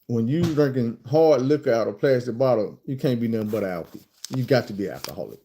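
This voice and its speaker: A man with a Southern American accent telling a casual, profane storytime monologue in an animated, conversational way. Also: medium pitch, fast, a little hiss or hum. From Arkansas, USA.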